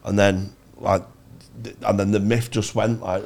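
A man's voice: on the low side, moderate pace, creaky, husky. A man, co-hosting a podcast, telling a rambling comic story full of swearing and acted-out voices. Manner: sweary, animated, acts out voices. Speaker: podcast co-host.

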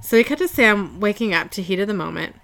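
A woman's voice: mid-range voice, animated, fast talker, gravelly, fairly bright tone, faint music behind. A woman co-hosting a podcast, chatting casually through a story recap and laughing at her own slips. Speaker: podcast co-host.

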